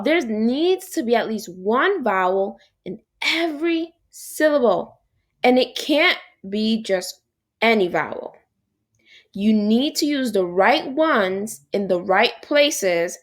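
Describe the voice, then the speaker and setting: Slow, animated woman phonics teacher. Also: on the high side. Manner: slow, animated, encouraging, talks to an unseen class. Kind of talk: recorded phonics lesson for young children.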